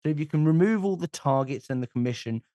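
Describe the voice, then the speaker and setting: A man's voice: fairly high pitch, lively intonation, fast, warm tone, no room sound, muffled recording. A man, a sales consultant guest on a podcast, answering with an anecdote and a few stammered restarts.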